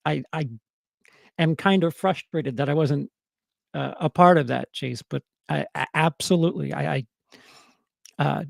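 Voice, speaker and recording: A man's voice: fairly high pitch, moderate pace, creaky, long pauses, no echo, studio quality. A man with a New York accent chatting casually on a livestream, answering his chat with lots of stammered restarts and fillers.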